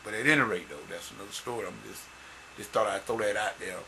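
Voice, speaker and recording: A man giving an informal sermon and reading scripture, earnest and folksy, growing louder and higher as he builds. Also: fast talker, noisy background. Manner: folksy, repeats words and restarts. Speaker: church musician and lay preacher.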